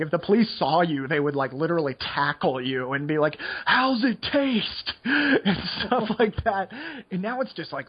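A young man with a slightly raised, husky voice rambles through casual poker talk, leaning on "like" at every turn. The recording sounds dull and lo-fi. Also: fairly high pitch. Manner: rambling, filler-heavy with frequent "like". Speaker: poker player. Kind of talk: casual podcast chat.

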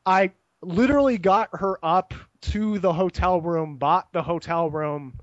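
A man's voice: high voice, a little slow, dry recording, muffled recording. A young man telling a rambling, profane story in casual chat, laughing as he goes. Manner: animated, profane, laughs while telling stories.

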